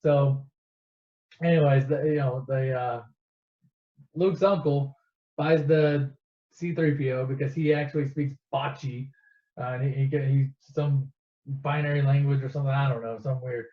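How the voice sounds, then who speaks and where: A man's voice: medium pitch, fairly even intonation, moderate pace. A man casually retelling a favorite movie as a rambling, swearing storyteller, full of asides and restarts. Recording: echoey, dull lo-fi room recording.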